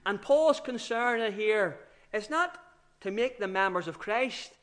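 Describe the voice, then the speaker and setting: A man preaching a sermon, slow and emphatic, often repeating his key phrases and letting his voice drop low at the ends of phrases. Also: expressive, a bit bright.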